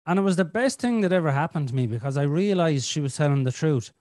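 An Irish man hosting a podcast, telling a personal story in a flamboyant, expressive way. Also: a little high, fast, dry recording, studio quality. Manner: flamboyant, expressive storyteller who swears freely. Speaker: podcast host. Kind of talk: casual storytelling chat.

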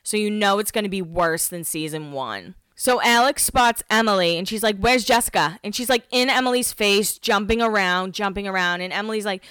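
A young woman hosting a casual recap at home, gossipy and jumping between topics, acting out quotes in a higher voice. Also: fairly quick, few pauses, fairly bright tone, clean tone, no echo, clean studio sound. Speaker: podcast host recapping a reality show. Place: home, alone.

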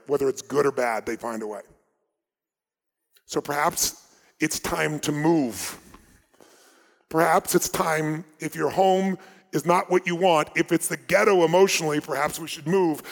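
A man giving a live motivational seminar, telling stories with emphatic delivery that swings between loud and hushed. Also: fairly high pitch. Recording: long hall reverb.

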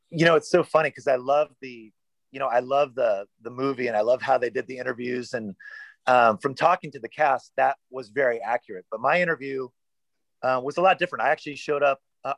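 A man's voice: mid-range voice, a bit bright, no room sound, poor audio. A man chatting as a podcast guest, rambling and self-deprecating with lots of fillers. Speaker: guest actor. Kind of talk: casual podcast chat.

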